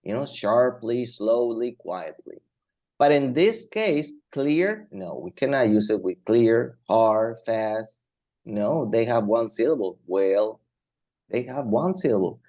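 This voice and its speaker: Slow, mellow-voiced male English teacher. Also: medium pitch, expressive. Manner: slow, repetitive, thinking aloud. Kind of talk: classroom grammar lesson.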